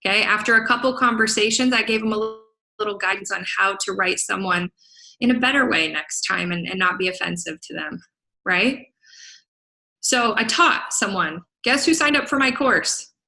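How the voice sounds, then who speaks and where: A woman giving an energetic motivational talk as a business coach, speaking to a laptop on a video call and punctuating her points with quick rhetorical questions. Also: mid-range voice, low-quality recording. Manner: energetic, punchy, keeps asking "right?". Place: away from home, speaking to a laptop.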